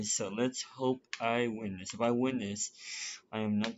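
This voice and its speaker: A man's voice: on the low side, steady tone, a little slow. A man giving nervous, rambling, profane commentary while playing a strategy game. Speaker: gamer. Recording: lo-fi with loud background noise. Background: keyboard clicks and typing.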